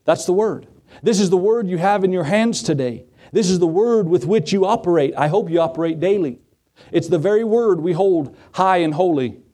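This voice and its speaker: A middle-aged male pastor preaching a sermon in a voice pitched a little high but mellow and dark in tone. He asks the congregation questions and briefly acts out the voices of the people in his stories. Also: lively intonation, normal speed. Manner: dramatic voices for quoted figures, rhetorical questions to the congregation.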